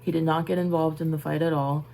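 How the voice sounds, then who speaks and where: A young woman with a low, gravelly voice recounts a personal story straight to camera. She talks casually and emphatically, circling back to repeat her words. Her delivery stays plain and conversational. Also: flat delivery, quick pace, mellow. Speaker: vlogger.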